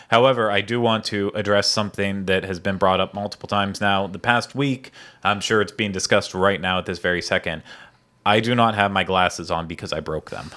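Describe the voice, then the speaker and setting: Chatty low-voiced man hosting a podcast. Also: fairly bright tone, clean tone. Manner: rambling, chatty, many fillers. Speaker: podcast host. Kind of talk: casual chat.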